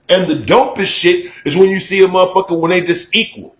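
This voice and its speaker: A middle-aged man giving a candid, profane talk-show monologue, emphatic and conversational, getting loud when he is worked up. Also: sits high, a little fast, few pauses, echoey room, rough recording. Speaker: radio talk show host.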